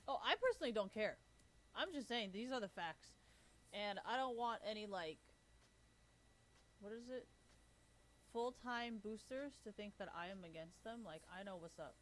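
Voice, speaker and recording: A woman's voice: mid-range voice, measured pace, long pauses, fairly bright tone, a little hiss or hum, poor audio. A young woman streaming a game, talking casually in a blunt, heavily profane, complaining way. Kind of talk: casual live-stream chat while gaming.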